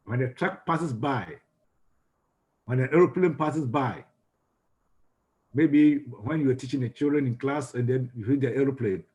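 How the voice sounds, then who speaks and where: A man with a Ghanaian English accent teaches a class on communication. His voice sits at an ordinary middle pitch. He keeps repeating and restarting words, and he stops to ask his listeners questions. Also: moderate pace, pauses often, a little mellow. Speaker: lecturer.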